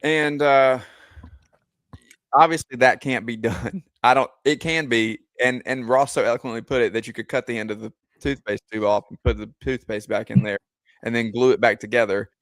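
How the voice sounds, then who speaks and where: A man hosting a sports podcast, talking in a measured way and steering the discussion. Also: medium pitch, fairly even intonation, a bit bright, no echo. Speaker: podcast host. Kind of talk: casual sports talk.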